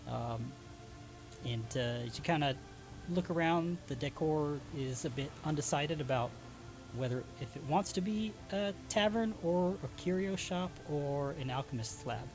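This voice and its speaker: A man narrating a tabletop game as game master, describing scenes with halting fillers. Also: a little high, lively intonation, music in the background.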